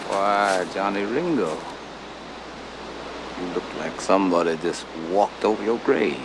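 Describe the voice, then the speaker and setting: An actor playing a sardonic Old West gunslinger, with a drawling, mocking delivery, in a film clip. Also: male voice, sits low, animated, unhurried. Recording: film clip with background noise.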